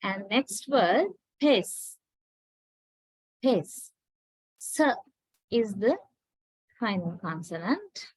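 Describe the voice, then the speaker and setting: A woman teaching a class, slowly and deliberately repeating words to drill pronunciation. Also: medium pitch, expressive, darkish tone, husky, no echo, low-quality recording. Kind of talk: classroom lecture.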